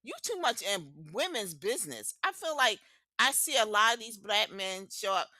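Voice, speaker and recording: A woman's voice: medium pitch, very animated, moderate pace, sharp tone, no echo. A woman co-hosting a podcast, talking in a blunt, emphatic way and swearing freely. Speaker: podcast co-host. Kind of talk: casual opinionated chat.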